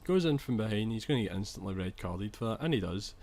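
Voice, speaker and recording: Talking fast and animatedly in a fairly low, darkish voice, this young gaming commentator narrates his own football game footage. He's chatty, often restarts his sentences, and curses when irritated.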